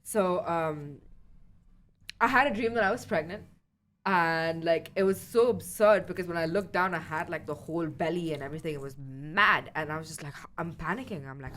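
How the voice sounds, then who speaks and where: A woman's voice: lowish voice, normal speed, fairly bright tone, a little hiss or hum. A young woman co-hosting a podcast, telling a long story in casual chat, rambling, swearing and laughing often. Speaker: podcast co-host.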